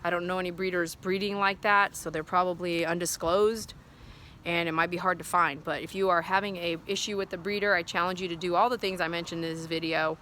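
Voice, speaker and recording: A woman's voice: lowish voice, fairly even intonation, brisk, fairly bright tone, slight background noise. A woman dog groomer talking casually and earnestly to her viewers, rambling from thought to thought, recorded outdoors at sundown. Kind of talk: casual vlog talk to viewers.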